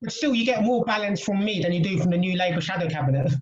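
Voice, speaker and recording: A man's voice: sits high, fast talker, roomy sound, muffled recording. A man, a comedian, delivering dry political jokes on a video call.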